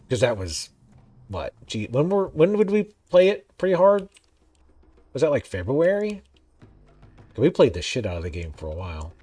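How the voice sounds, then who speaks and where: A man streaming a game, chatting in a rambling, easygoing way with quick asides. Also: mid-range voice, darkish tone, no echo. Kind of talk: casual gameplay commentary.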